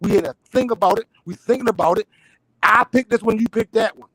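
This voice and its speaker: On an online voice call, a middle-aged man debating boxing on a panel gets heated, insistently repeating his questions and swearing. His voice sits high and fairly bright, and he talks quickly on a rough recording with no echo.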